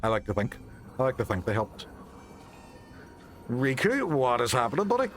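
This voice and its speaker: With a sing-song lilt at medium pitch, a young Northern Irish streamer keeps up easygoing game chat at a moderate pace. He drops the odd swear word and thanks his viewers over faint background music.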